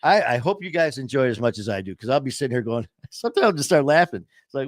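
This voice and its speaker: A man's voice: mid-range voice, sing-song, fast, dry recording, studio quality. A man hosting a casual podcast, rambling and upbeat, often interrupting himself. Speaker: podcast host. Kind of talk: casual chat.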